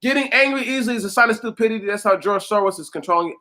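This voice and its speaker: A man ranting casually and profanely, mocking someone, often breaking into loud laughter and shouts while a little tipsy. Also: sits high, racing. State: tipsy from drinking. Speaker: commentator reacting to a commenter. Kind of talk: casual reaction rant.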